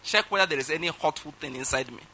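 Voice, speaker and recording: Man, pastor preaching, very bright forceful voice, animated storytelling. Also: on the high side, quick pace, a little hiss or hum, poor audio. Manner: animated storytelling, acts out phone calls, laughs often. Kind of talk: sermon with personal story.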